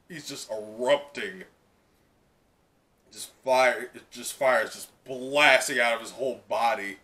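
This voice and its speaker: A man hosting a live comic reaction who talks in an excitable, rambling way with lots of "like". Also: mid-range voice, slow. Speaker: reaction video host.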